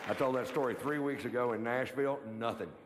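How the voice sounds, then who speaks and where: A man on stage in a stand-up routine, dry and self-mocking as he spins a story. His voice carries a long hall reverb, and clear crowd noise sits behind it. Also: medium pitch, brisk. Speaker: stand-up comedian.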